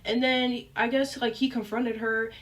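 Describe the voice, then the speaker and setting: A young adult woman telling a personal story in a casual, chatty way, full of fillers and animated asides. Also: fairly high pitch, a little slow, recorded from a distance. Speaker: storyteller vlogger.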